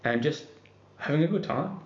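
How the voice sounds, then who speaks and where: A man's voice: on the high side, lively intonation, moderate pace. A man from the Netherlands co-hosting a podcast, talking in a laid-back casual way and swearing now and then. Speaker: podcast co-host. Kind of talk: casual chat. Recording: dull echoey room recording.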